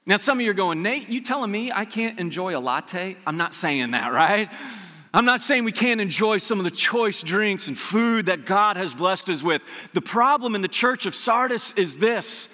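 Mid-sermon, a male pastor's high, bright and forceful voice echoes with long reverb around a big hall. He preaches with energy and a conversational ease, often tossing rhetorical asides to his congregation.

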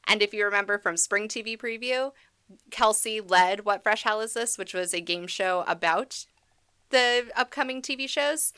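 A woman's voice: medium pitch, moderate pace, pushed and bright, smooth, no room sound. A woman co-hosting a podcast, chatting sarcastically, swearing and laughing often. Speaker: podcast co-host. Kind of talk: sarcastic casual chat.

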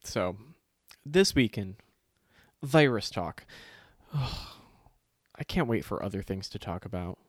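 A man's voice: fairly low pitch, takes it slowly, long pauses, dry recording, clean studio sound. A man co-hosting a casual chat, telling stories with acted-out quotes and plenty of swearing. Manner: animated storytelling, swears freely, acts out quotes.

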